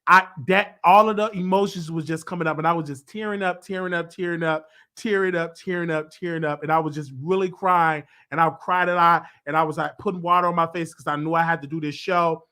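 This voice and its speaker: A man hosting a celebrity gossip commentary show, talking emphatically and excitably, repeating himself. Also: fairly high pitch, fairly quick, few pauses. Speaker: host.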